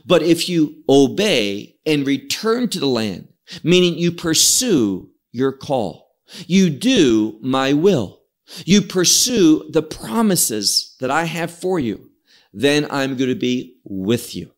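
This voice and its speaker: A man's voice: a little high, very animated, slow pace. A man teaching an evening Bible study, reading verses aloud, quoting Hebrew words and restarting his phrases.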